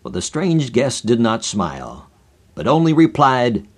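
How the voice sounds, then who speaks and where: A man narrating a story for a radio sermon, steady and measured. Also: medium pitch.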